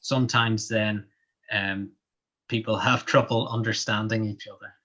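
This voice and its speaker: A man with a Northern Irish accent explains things patiently, stopping often on "um" as he thinks. His voice has a bright, forward edge. The sound is dull and lo-fi, like an online call. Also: on the low side, flat delivery. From Northern Ireland. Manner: slow, careful, explaining with many ums. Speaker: guest. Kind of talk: live online interview.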